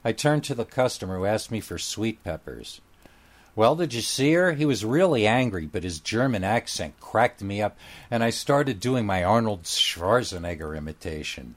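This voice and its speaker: A man with a fairly low voice narrates a first-person story. He keeps it casual and wry, like someone recounting a strange day at work. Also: lively intonation, normal speed.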